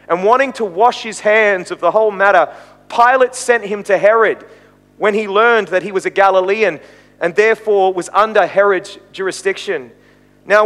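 Man, preacher, sermon, storytelling, high-pitched, long reverb. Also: a bit bright. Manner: storytelling, quoting the text with rising emphasis.

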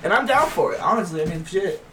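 A man's voice: sits high, animated, fast. Swearing young man, echoey distant mic. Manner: swears a lot, laughs often. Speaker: podcast co-host. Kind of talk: casual crude banter. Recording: echoey room, distant mic, faint hiss.

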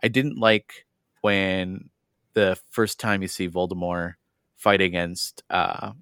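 A man co-hosting a podcast in casual chat, animated and quick to slip into playful character voices. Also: low voice, clean tone, dry recording, studio quality. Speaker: podcast co-host.

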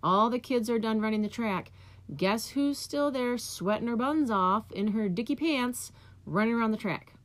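A woman's voice: on the high side, moderate pace. A middle-aged woman chatting casually as a podcast co-host, telling self-deprecating stories. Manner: self-deprecating, storytelling, talks while eating. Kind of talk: casual chat.

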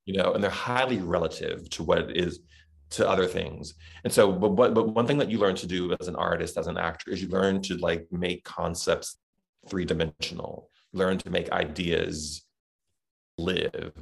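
A man's voice: sits low, fairly even intonation, moderate pace, creaky. A middle-aged man from Texas with a Southern accent, talking as a podcast guest in a reflective, rambling way with many restarts. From Texas, USA. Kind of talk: casual interview chat.

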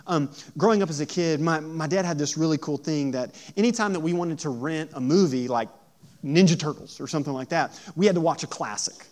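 Pastor preaching, somewhat high voice. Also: male voice, a little fast. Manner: swings from hushed storytelling to loud emphatic preaching; asks the audience questions. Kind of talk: sermon.

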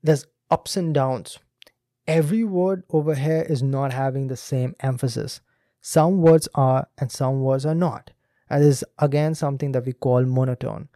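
A podcast host and speaking coach from India explains a video clip to listeners directly, in the manner of a teacher. His medium-pitched, mellow voice keeps fairly even intonation at a moderate pace, and the recording is dry and clean, studio-grade.

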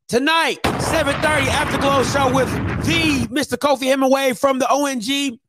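A man's voice: very high voice, steady tone, normal speed, very noisy. A man hosting a sports talk show, ranting casually with slang and repeating phrases for emphasis. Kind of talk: casual sports commentary rant.

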